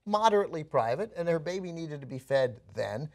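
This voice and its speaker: Animated man riffing on the news. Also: on the high side, brisk. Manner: rambling, animated, self-interrupting. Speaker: news show co-host. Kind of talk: casual news commentary.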